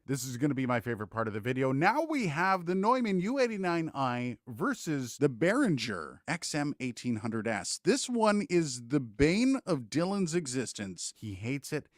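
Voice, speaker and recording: A man hosting a casual tech demo as a microphone reviewer, talking straight into a studio condenser mic with lively, joking asides. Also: medium pitch, normal speed, hardly any pauses, no echo.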